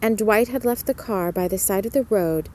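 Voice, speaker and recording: Gentle female storyteller for ASMR, slow, speaks to the listener. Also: medium pitch, slight background noise, rough recording.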